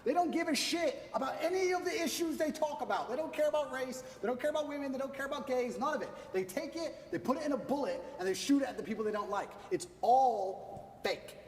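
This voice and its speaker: A man's voice: extremely high pitch, fast talker, hardly any pauses, reverberant, long reverb tail, recorded from a distance. A man giving an interview, boastful and emphatic, hammering his points in short repeated lists. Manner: emphatic, repetitive punchy lists. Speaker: interview guest.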